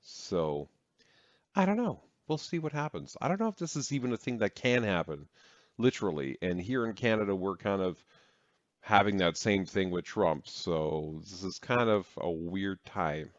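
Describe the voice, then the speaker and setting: A man's voice: low-pitched, expressive, normal speed, no echo. A man hosting a reaction video, chatting casually, swearing, laughing and trailing off. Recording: dry, slightly dull sound.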